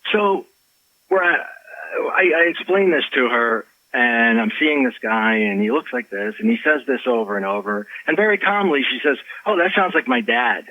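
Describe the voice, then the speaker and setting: A man guest on a podcast, telling a personal story in an animated way, full of restarts. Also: mid-range voice, moderate pace, no echo, phone-quality sound. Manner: animated, many restarts and fillers. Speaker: author guest.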